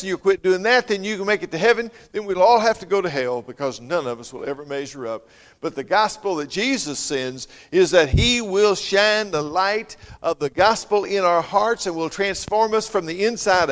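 A male preacher with a drawl delivers an earnest sermon, rising loud and then sinking to a near hush. His voice sits a little high for a man. A long reverb trails after each phrase, as in a large hall. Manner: earnest preaching that swells loud and drops soft.

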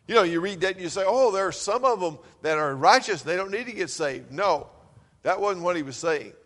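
A man preaching a sermon, swinging between loud, urgent calls and low, quiet passages. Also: in a large hall.

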